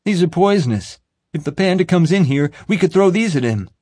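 Man putting on a shrill, panicky coward. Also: animated, a little fast, a little mellow, no echo, studio quality. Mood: panicked.

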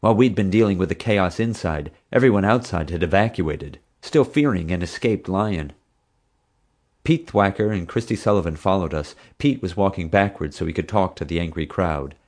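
Deep-voiced male narrator for an audiobook, expressive and dramatic, with lively intonation. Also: normal speed.

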